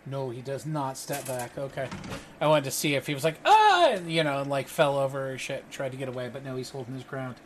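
A man narrating as game master for a tabletop role-playing game, relaxed and full of fillers. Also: medium pitch, fast talker, slight background noise.

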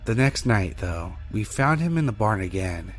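Low-voiced man narrating horror. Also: soft background music. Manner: steady, measured first-person reading.

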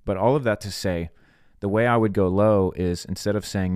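A man hosts a faith podcast in a lowish, slightly mellow voice at a moderate pace, with clean studio sound and no room echo. His sermon-style teaching is earnest and plain-spoken, and he acts out quoted conversations.

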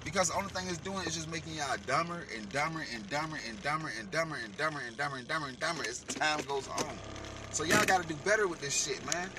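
Angry high-voiced man ranting. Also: expressive, fast, noisy background. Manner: angry, profane, shouting at times. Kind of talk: heated ranting commentary.

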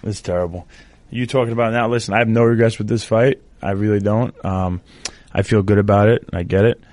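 A man, a fighter guest in an interview, speaking haltingly and getting choked up. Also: fairly low pitch, steady tone, a little mellow. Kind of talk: casual interview talk.

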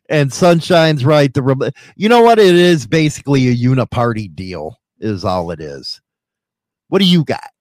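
A man's voice: medium pitch, very animated, unhurried, pauses often, darkish tone, no room sound, studio quality. A man co-hosting a podcast, cracking crude jokes and laughing often in casual banter. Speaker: podcast co-host.

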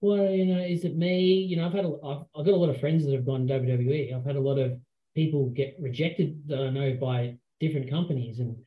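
A man's voice: mid-range voice, brisk. A man, a wrestling promoter, giving an earnest interview answer and thinking aloud. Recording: roomy, dull remote audio.

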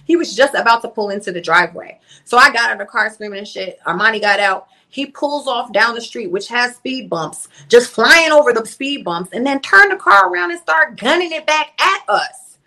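Young woman, interview guest, bright voice, blunt and profane storyteller. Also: a little high, moderate pace. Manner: candid, profane, animated retelling. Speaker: interview guest, livestream influencer. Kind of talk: casual storytelling.

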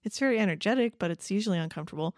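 Woman co-host, animated and chatty, dry mic, expressive range. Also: medium pitch, racing, no echo. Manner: animated, acts out quoted voices, laughs often. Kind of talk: casual chat.

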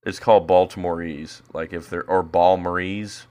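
A man's voice: deep voice, moderate pace, a bit bright. A man co-hosting a podcast, chatting casually and making crude jokes. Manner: crude, joking. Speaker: podcast co-host. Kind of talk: casual chat.

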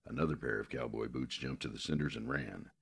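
A man narrating a western novel in a steady, measured way. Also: very deep voice, vocal fry, breathy edge.

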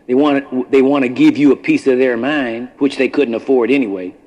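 A man's voice: medium pitch, fairly even intonation, moderate pace, darkish tone, poor audio. A man preaching a sermon to his congregation in a conversational, blunt manner, from an old broadcast. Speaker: pastor. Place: church congregation. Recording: archival radio broadcast.

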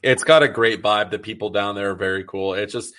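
Chatty low-voiced male host. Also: steady tone, a little fast, a bit bright. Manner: chatty, enthusiastic, fillers like "like". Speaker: interview host. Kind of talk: casual interview chat.

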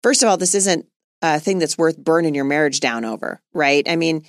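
Woman, middle-aged, podcast host, earnest conversational talk, lowish pitch. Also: normal speed, dry recording. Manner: earnest, conversational, laughs easily.

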